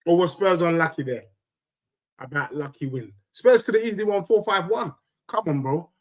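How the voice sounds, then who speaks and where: A man, talking live to his stream after a match. His voice sits high, and he mixes slang into animated banter with viewers, reading their comments and answering back. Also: normal speed. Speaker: football fan streamer.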